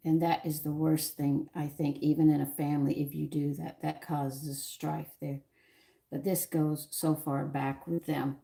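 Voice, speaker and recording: A woman's voice: low voice, gravelly, background noise. A woman in her sixties hosting a home cooking stream from her kitchen, chatting in a rambling, opinionated way while greeting viewers. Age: 60s. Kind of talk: casual chat while cooking.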